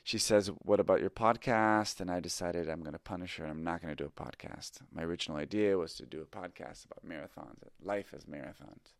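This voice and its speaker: A man's voice: deep voice, fairly quick, vocal fry, hardly any pauses, no room sound, clean studio sound. A middle-aged man who teaches improv tells a personal story in a reflective, candid and self-critical way. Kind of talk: confessional storytelling.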